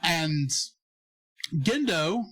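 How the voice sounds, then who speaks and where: A man's voice: drawn-out words, breathy edge. A man co-hosting a casual podcast review, acting out scenes and swinging his voice up and down. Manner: animated, acts out scenes with big pitch jumps. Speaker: podcast co-host.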